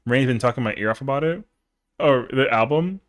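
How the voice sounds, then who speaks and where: A man's voice: mid-range voice, brisk. A young man chatting casually on a live stream, rambling in slang with lots of fillers.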